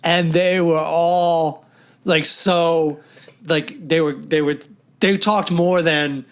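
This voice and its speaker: A man's voice: fairly high pitch, takes it slowly. A man co-hosting a podcast, telling stories in casual chat, acting out quotes and swearing freely. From New York. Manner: animated storyteller, acts out quotes, swears freely. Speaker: podcast co-host.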